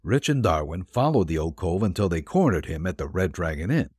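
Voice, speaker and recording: A man's voice: low voice, sing-song, brisk, darkish tone, husky, dry recording, clean studio sound, full character voice. A man voicing a sullen, grudging male crook in a detective story reading.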